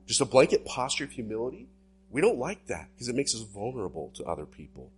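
A male pastor delivering a sermon in an animated preaching style with sweeping swings in pitch. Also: fast, faint music behind.

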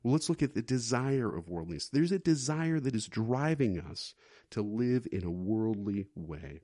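A man preaching a sermon in an emphatic, animated way, often asking rhetorical questions. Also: mid-range voice, moderate pace, no echo, clean studio sound.

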